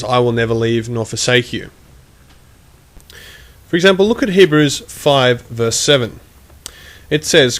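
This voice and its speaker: A man giving critical commentary, measured and emphatic, reading quotations aloud as he argues. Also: mid-range voice. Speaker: online commentator.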